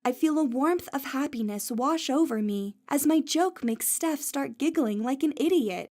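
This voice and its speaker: High-voiced woman narrating an audiobook. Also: lively intonation, normal speed, darkish tone. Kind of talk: first-person audiobook narration.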